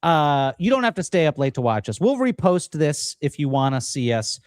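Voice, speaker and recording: Animated male political livestream host. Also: a little high, normal speed, dry recording, clean studio sound. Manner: animated, mocking, rallying.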